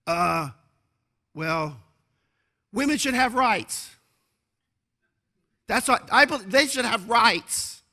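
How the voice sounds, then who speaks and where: A man's voice: sits high, expressive, extremely slow, long pauses, pushed and bright, pitched above the performer's own voice, heavily acted. A man voicing a clueless young protester who answers in a hesitant, vague way. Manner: hesitant, vague, mocking imitation.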